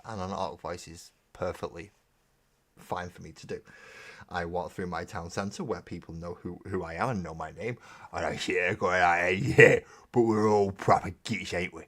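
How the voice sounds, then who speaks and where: A man hosting a live stream, chatting casually and rambling with self-mocking humor while painting miniatures. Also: sits low.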